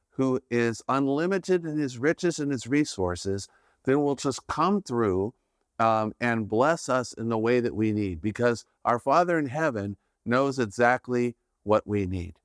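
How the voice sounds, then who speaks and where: A man's voice: medium pitch, dry recording, studio quality. A man hosting a podcast, giving a conversational faith teaching in an earnest tone, often checking in with "right?". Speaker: podcast host.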